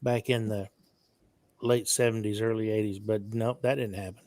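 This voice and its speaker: A man in his sixties, a guest in a casual live chat, telling stories in a rambling way and clearing his throat often. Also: lowish voice, steady tone, normal speed, a little mellow, dry recording. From Texas. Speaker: guest on a livestream.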